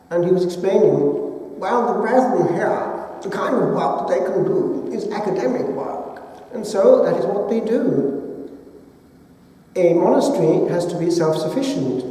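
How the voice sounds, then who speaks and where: A man from England, a priest delivering a sermon in a measured, deliberate way with long pauses. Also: sits high, warm tone. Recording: echoey church hall from far off.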